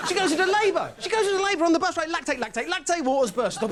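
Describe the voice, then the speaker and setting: A man doing stand-up, rambling through absurd stories with deadpan asides. His voice is high and lively, jumping around in pitch. A loud hiss runs under the old TV recording. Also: rapid-fire, hardly any pauses, a crowd in the background. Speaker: stand-up comedian. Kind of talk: stand-up routine. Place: comedy club stage with audience.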